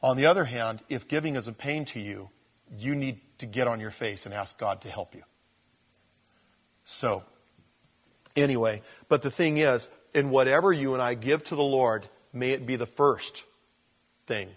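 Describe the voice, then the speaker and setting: A man's voice: mid-range voice, moderate pace, long pauses. Folksy, rambling male pastor. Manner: rambling, folksy, self-correcting. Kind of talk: conversational Bible teaching.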